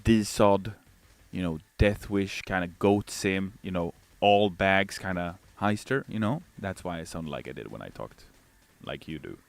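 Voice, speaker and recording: A man's voice: low voice, lively intonation, gravelly, no room sound. A man with a Swedish accent, a game developer live-streaming and reading chat, joking around in a playful, theatrical way. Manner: playful, theatrical, quick to put on silly voices.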